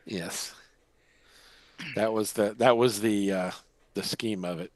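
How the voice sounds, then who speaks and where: An older man co-hosting a podcast in casual chat, throwing in quick quips. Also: lowish voice, steady tone, dry recording. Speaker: podcast co-host.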